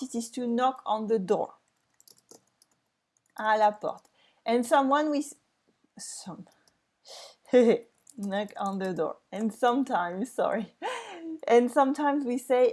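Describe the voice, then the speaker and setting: Slow, careful French woman teaching. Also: on the high side. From France. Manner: slow, careful, repeats words and sounds them out. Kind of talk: reading lesson explaining French to learners.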